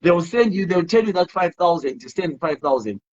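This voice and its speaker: A man's voice: sits high, animated, moderate pace, darkish tone. A man hosting a casual talk-show discussion, talking emphatically and repeating himself. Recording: muffled lo-fi audio.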